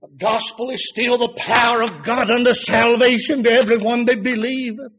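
Preacher guy, real high voice, gets fired up then goes quiet. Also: steady tone, moderate pace, breathy edge. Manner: fervent, rising to shouts then dropping low. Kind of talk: sermon.

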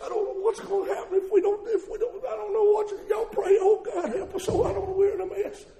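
A man putting on a panicky, fretting churchgoer in a high, breathless voice with nervous laughs. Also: little pitch movement, fast, gravelly, warm tone. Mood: fretful. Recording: long church reverb.

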